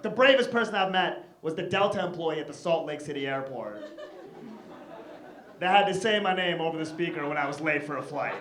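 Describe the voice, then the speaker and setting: Standup guy, high voice, dry wry jokes, crowd noise in an echoey club. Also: fairly bright tone. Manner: dry, wry delivery with quick asides. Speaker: stand-up comedian. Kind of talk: stand-up set. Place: comedy club stage. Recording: echoey live room with audible crowd.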